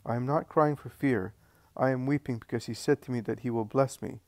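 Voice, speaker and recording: A man's voice: mid-range voice, brisk, dry recording, natural voice. Shy emotional young woman, read by a male narrator, faltering, dry recording. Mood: tearful.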